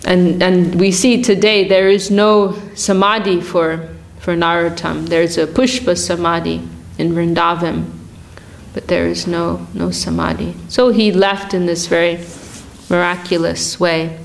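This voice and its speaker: A woman telling a devotional story in a morning class, unhurried, with frequent restarts and soft laughs. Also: on the low side, little pitch movement, gravelly. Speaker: class speaker.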